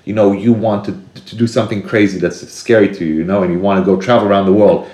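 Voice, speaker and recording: Deep-voiced man talking earnestly, echoey room. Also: fairly even intonation, fast talker, dark tone. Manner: earnest, acts out inner voices with sudden high bursts. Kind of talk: reflective casual conversation.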